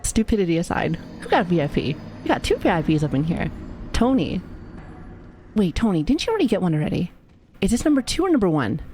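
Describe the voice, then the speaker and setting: A woman's voice: lowish voice, big pitch swings, quick pace, warm tone, faint music behind. A woman streaming live and chatting casually with her viewers, swearing freely and laughing often, who says she has been sick lately. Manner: profane, joking, laughs often. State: recovering from illness.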